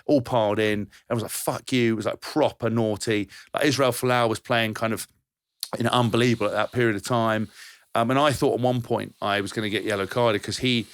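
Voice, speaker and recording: A lower-voiced man tells rugby-tour stories at a quick clip, swearing and restarting as he goes. The recording is dry and close, with no room sound. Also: steady tone, no echo. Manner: rambling anecdotes, swears freely, frequent restarts. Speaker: podcast co-host, former rugby player. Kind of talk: casual storytelling chat.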